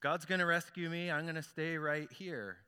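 The sermon's stubborn flood victim, brushing off every offer of help in an insistent, dismissive tone, as a pastor puts him on. It sounds like a man's voice, forceful and resonant. The hall gives it a long reverb tail. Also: fairly high pitch, fairly even intonation, normal speed, clean tone. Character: stubborn man refusing rescue, trusting God.

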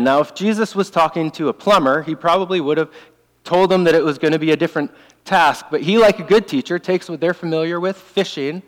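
A man preaches a sermon in an earnest, emphatic way, circling back to repeat his key lines. His voice sits a little high for a man. It carries a long reverb from a large church hall. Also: brisk. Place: church sanctuary.

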